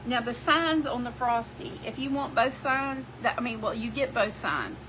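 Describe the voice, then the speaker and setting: A woman's voice: on the high side, lively intonation, moderate pace. A middle-aged woman, chatting casually with her live-stream viewers as she shows her crafts. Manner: chatty, talks to viewers as y'all. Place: home craft workshop. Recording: clear background hum.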